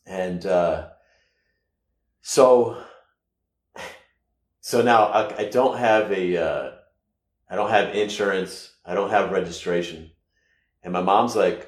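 A man from the United States recounts a personal story in a casual, rambling way, his slightly low voice stumbling over restarts before jumping into loud, animated bursts. The room around him is echoey. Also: a little slow, pauses often.

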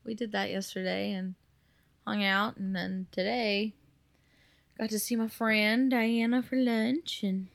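A woman's voice: mid-range voice, fairly even intonation, measured pace, gravelly. A woman co-hosting a podcast in casual chat, talkative and giggly, filling her sentences with "like". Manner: chatty, giggly, lots of "like". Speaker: podcast co-host.

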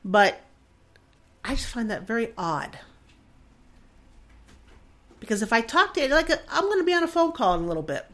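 A woman's voice: on the high side, sing-song, normal speed, pauses often, fairly bright tone. A woman in her forties hosting a solo podcast, talking in a rambling, emotional and self-deprecating way with frequent laughs. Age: 40s. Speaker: podcast host. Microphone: desk mic in front of a screen.

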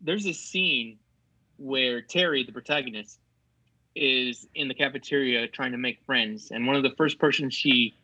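A man co-hosting a casual podcast recap, telling each scene like a lively story. His voice is bright and pushed forward. The sound is dry and close, with little room in it. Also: mid-range voice, normal speed, breathy edge, no room sound, poor audio. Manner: animated storyteller who acts out quotes and laughs often. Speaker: podcast co-host.

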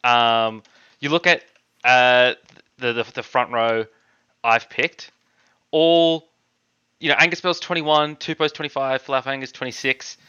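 An Australian man talks rugby in an earnest, stumbling way, repeating words as he thinks. His voice is bright and crisp, close and dry, though the sound is a little dull. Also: medium pitch, steady tone, a little slow, pauses often, no room sound. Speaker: podcast co-host. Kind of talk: casual rugby chat. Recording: dry, slightly dull mic.

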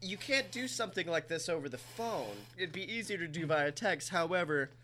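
A man's voice: on the high side, lively intonation, normal speed, bright, forceful tone, slight background noise. A man co-hosting a comedy podcast, bantering casually and slipping into silly made-up voices with frequent laughter. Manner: jumps into silly put-on voices and laughs often. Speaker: podcast co-host.

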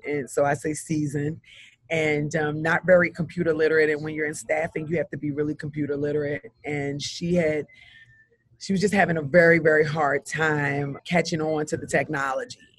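A man's voice: on the high side, level tone, moderate pace, fairly bright tone, dry recording. A man, a business coach, telling an earnest, heartfelt story in a casual interview. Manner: earnest, heartfelt, rambling with restarts.

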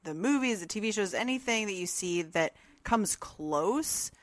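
A woman co-hosting a podcast who talks slowly and unhurriedly, rambling with fillers and restarts. Her voice sits mid-range and sounds dry and close, with little room around it. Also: medium pitch, expressive, no echo. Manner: rambling, filler-heavy, frequent laughs. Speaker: podcast co-host. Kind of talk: casual discussion. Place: room at home with open windows.

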